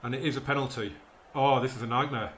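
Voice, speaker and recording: Speaking fast at a medium pitch, with a little hiss or hum on the recording, a gaming YouTuber narrates his football management game live. He calls the play the way a match commentator would, gets excitable, and frets aloud about how results are going.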